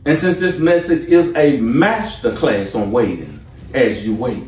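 A man preaching a sermon as pastor, slow and deliberate with rising emphasis. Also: medium pitch, a little mellow, roomy sound, far from the mic.

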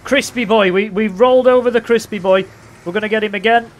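A young man casually commentating his own racing game, playful and excitable, with loud bursts of trash talk. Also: high-pitched, brisk. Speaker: gaming commentator.

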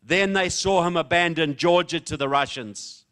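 A man's voice: a little high, normal speed, a bit bright, smooth. A middle-aged man from New Zealand with a New Zealand accent, giving a political speech to a live audience, with joking, folksy asides to the crowd. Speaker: guest speaker.

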